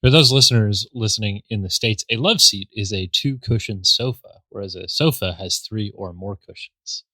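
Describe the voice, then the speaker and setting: A man's voice: fairly low pitch, normal speed, sharp tone, no echo. A man playing a tabletop game, tired and plainspoken. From Canada. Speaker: player. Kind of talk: tabletop game play, in character.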